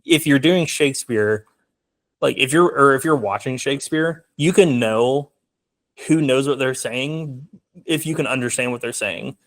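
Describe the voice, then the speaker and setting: A man's voice: medium pitch, a little slow, fairly bright tone. A young man talking casually as a film guest in an interview, rambling with many fillers. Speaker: filmmaker guest.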